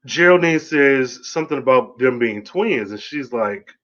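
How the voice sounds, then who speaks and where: A man hosting a podcast, giving a casual, rambling solo review of a TV episode, excitable and swearing freely. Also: mid-range voice, normal speed, dull audio.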